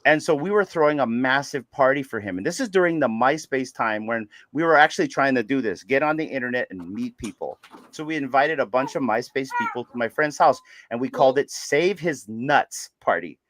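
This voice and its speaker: Lively, profane man telling stories. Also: mid-range voice, a little fast. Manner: animated, profane, laughs often. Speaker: podcast host. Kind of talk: casual storytelling chat.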